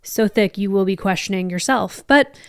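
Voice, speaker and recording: Chatty young woman, smooth voice. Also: mid-range voice, normal speed, no room sound, studio quality. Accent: light Southern US. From Southern US. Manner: chatty and playful, slips into put-on accents. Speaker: podcast host. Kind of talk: casual chat.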